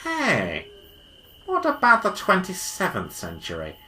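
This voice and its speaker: A woman acts out an excitable male weasel doctor who travels through time, in a homemade audio drama. His voice is bright and sharp and leaps wildly through its range as he declaims grandly and sulks when bored. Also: lowish voice, a little slow, slight background noise, full character voice. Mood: excited. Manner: theatrical, bossy, easily bored. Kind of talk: hobby audio drama acting.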